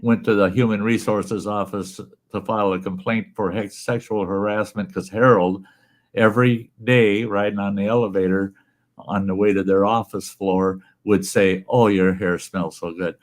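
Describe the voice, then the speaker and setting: A man's voice: fairly low pitch, little pitch movement, normal speed. A man hosting a casual livestream, telling jokes in a rambling, chuckling way. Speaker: host.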